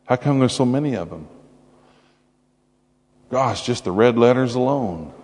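A man preaching a sermon to a congregation, animated and conversational, with playful asides. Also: medium pitch, a little slow. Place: church hall before a congregation. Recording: long hall reverb with faint music.

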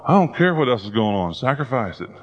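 A man preaching in a folksy, storytelling way, with plenty of play in his delivery. His voice sits at a middle pitch. The recording sounds dull and lo-fi. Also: quick pace. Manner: folksy storytelling, playful and animated. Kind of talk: sermon.

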